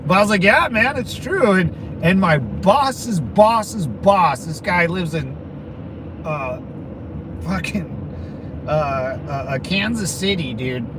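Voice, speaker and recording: A man with a high voice hosts a casual livestream, answering viewers in a rambling way. He laughs often between his words. Clear street and traffic noise from an outdoor city spot runs under his voice. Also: expressive, slow pace. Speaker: livestream host answering chat.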